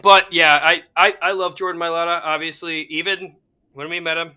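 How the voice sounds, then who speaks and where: A young man co-hosting a casual sports chat, excitable and fan-ish, quick to laugh. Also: fairly high pitch, smooth. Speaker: podcast co-host.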